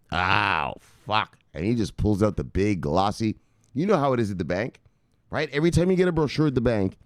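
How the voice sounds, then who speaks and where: A man hosting a daily crypto news show, talking in an excitable, profane way, often saying "look, look" and laughing. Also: on the low side, dry recording, studio quality. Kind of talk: casual profane commentary.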